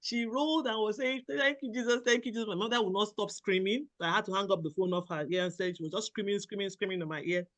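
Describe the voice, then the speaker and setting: A woman from Nigeria, a doctor in her thirties, telling a personal story as a podcast guest, animated, often laughing and quoting herself. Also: mid-range voice, fast, few pauses. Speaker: guest, general practitioner.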